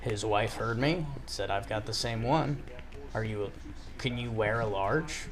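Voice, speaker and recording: A man hosting a casual watch-along chat about a ballgame, animated and excitable. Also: fairly low pitch, measured pace. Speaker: host. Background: game broadcast crowd.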